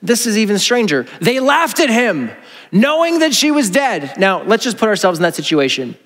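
High-voiced animated pastor in reverb. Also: male voice, moderate pace. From North America. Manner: animated, acts out quoted voices, conversational asides. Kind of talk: sermon. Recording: long hall reverb.

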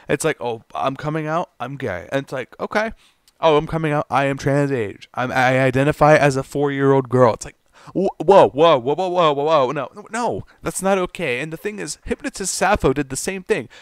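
A man's voice: mid-range voice, dry recording, clean studio sound. A man ranting in commentary, exasperated and stammering, often repeating words as he reacts. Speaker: commentary YouTuber.

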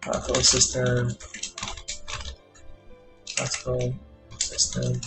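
A man's voice: medium pitch, completely flat delivery, slow, vocal fry, long pauses, poor audio. A man streaming his game programming, thinking aloud and muttering to himself as he types code. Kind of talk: live coding narration. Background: music and keyboard typing.

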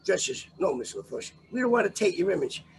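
Older male guest, profane storyteller, gravelly voice that leaps all over the place. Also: high-pitched, big pitch swings, fast talker, a little hiss or hum. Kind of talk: storytelling in a casual interview.

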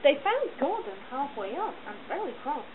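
High-voiced woman reading a storybook aloud. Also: normal speed. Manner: animated, with sound effects. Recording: tinny phone-like line, loud noise.

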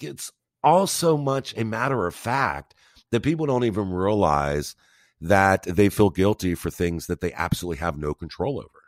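A man co-hosting a podcast, chatting casually and telling stories with lively emphasis. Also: fairly low pitch, normal speed, no room sound, clean studio sound. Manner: animated, emphatic storyteller. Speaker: podcast co-host. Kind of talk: casual conversational chat.

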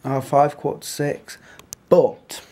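A man's voice: flat delivery, slow pace. A man chatting casually to camera as a family vlogger, rambling in a homely way at home, recorded on a handheld compact camera. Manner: chatty, rambling, homely; softer and lower on asides.

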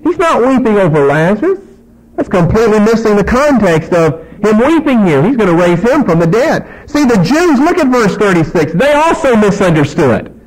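A man with a high-pitched voice delivers a sermon. He preaches with strong emphasis, reads scripture aloud and puts on the voices of the people in the passage. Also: sing-song, moderate pace, rough recording. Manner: emphatic preaching with scripture reading and acted-out dialogue.

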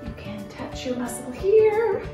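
A woman leading a children's movement and song lesson from her home, speaking in a slow, encouraging sing-song way. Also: sits high, sing-song, music in the background. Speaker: children's movement and music leader. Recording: echoey room, mic at a distance.

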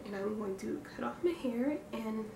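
A woman's voice: a little high, normal speed, creaky. A young woman talking openly to camera in a personal vlog, reflective and hesitant, breathing hard from nerves. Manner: reflective and candid, with hesitant fillers and sighs. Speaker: vlogger. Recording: echoey room, distant mic, background noise.

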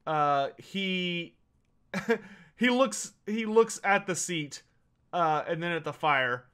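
A man narrating as game master of a tabletop role-playing game, pausing often with fillers as he describes scenes. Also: sits high, lively intonation, pushed and bright, clean tone. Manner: halting, many uh fillers while narrating.

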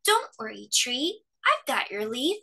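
A woman voicing a worried little male fox cub in a storybook reading, with high, pleading, breathless cries. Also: sing-song, a little slow, vocal fry, pushed and bright, husky, exaggerated voice. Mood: earnest.

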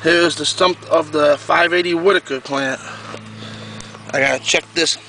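A man's voice: on the high side, steady tone, measured pace, bright, forceful tone, a little hiss or hum, poor audio. A man giving a rambling, casual walking tour of his pumpkin garden outdoors to a handheld camera. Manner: rambling, repeats himself, talks to the camera while walking. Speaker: pumpkin grower.

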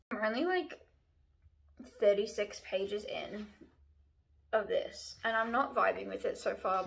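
A woman's voice: medium pitch, creaky. A young woman chatting casually on her own channel about books she is reading, rambling with lots of fillers and restarts. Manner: relaxed, chatty. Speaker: book vlogger. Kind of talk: casual book review chat.

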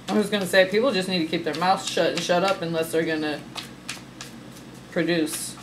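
A woman's voice: fairly low pitch, steady tone, moderate pace, noisy background. A woman giving a casual, sassy tarot reading, talking emphatically and laughing often. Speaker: tarot reader.

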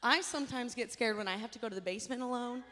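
A woman with a fairly high voice leads a children's chapel service, animated and coaxing as she gets the kids to repeat lines back to her. Her voice carries a long reverb from a church hall. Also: racing.

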